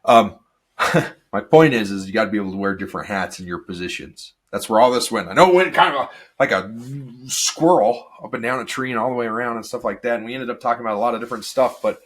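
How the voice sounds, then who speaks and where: A man's voice: lowish voice, quick pace. A man hosting a solo podcast, talking energetically and rambling off on tangents. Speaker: podcast host.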